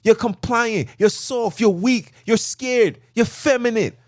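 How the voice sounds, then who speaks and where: Agitated high-voiced man ranting in a car. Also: slow, dry recording, studio quality. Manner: fervent, preachy, repetitive. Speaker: podcast host. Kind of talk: impassioned rant.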